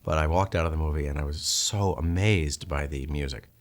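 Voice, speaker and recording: A man talking about film music in an earnest, measured way. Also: extremely low pitch. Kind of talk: reflective commentary.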